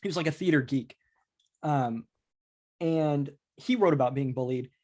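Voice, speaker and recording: A man's voice: a little high, moderate pace, a little mellow. Chatty man hosting a podcast. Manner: swears freely, rambling with frequent restarts. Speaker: podcast host. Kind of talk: casual chat.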